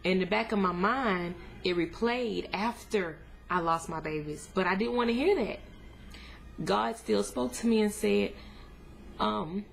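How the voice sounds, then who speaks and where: A young woman candidly telling her viewers a painful personal story, earnest and plain-spoken, her voice climbing high when she recalls her anger. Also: moderate pace, creaky, slight background noise. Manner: casual, addresses viewers as y'all. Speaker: vlogger sharing a family update. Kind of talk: emotional personal storytelling to camera.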